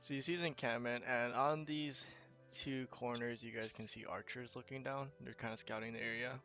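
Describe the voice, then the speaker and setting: A young man narrates as game master of an online tabletop game, his voice gravelly with fry. He talks loosely and hesitantly, with frequent ums, over faint music. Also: medium pitch, fairly even intonation, moderate pace, sharp tone. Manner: casual, hesitant with many ums.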